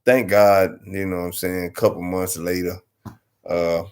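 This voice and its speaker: A man's voice: sits low, level tone, measured pace, a little mellow, clean tone. A man from Arkansas with a Southern US accent, telling a comic story in a loose, profane, rambling way. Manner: loose, profane, rambling, constantly asks "you know what I'm saying". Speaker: storyteller host.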